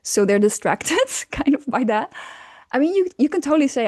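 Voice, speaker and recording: Mellow-voiced woman coach explaining casually. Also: high voice, moderate pace. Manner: relaxed, hesitant with fillers and frequent laughs. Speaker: communication coach.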